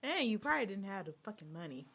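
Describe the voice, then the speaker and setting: A woman's voice: mid-range voice, sing-song, fast talker, gravelly, fairly bright tone, slightly rough. A woman co-hosting a casual chat who answers with short, blunt wisecracks. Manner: dry, blunt wisecracks with profanity. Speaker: podcast co-host.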